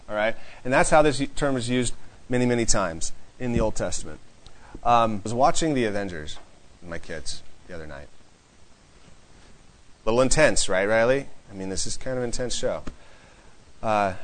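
A man teaching a casual Bible class to a small group, reading scripture slowly and then talking it through in a conversational way with frequent chuckles. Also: fairly low pitch, rough recording.

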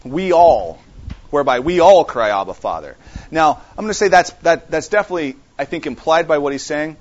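A man's voice: a little high, lively intonation. Man teaching a Bible study, lo-fi. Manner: repeats key points and checks in with listeners; halting, with frequent restarts. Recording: dull lo-fi recording.

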